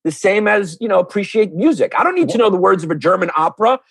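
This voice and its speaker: A man's voice: sits high, animated, quick pace, creaky, fairly bright tone, husky, no echo. A man who is a guest on a podcast, chatting casually and joking in profane mock rants. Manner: profane, mock-ranting jokes.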